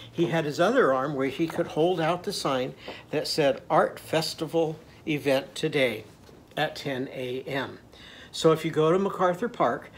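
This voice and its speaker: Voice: medium pitch, a little hiss or hum. A teacher telling a story to young children and leading them in call-and-response. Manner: animated, leads call-and-response.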